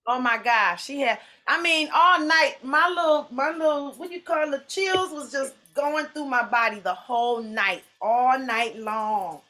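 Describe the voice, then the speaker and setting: A woman leads a relaxed morning video call. Her voice sits a little high and sounds bright and forward. She chats and teases as people check in. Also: measured pace, few pauses. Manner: chatty, playful, teasing. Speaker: host. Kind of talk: casual video call chat.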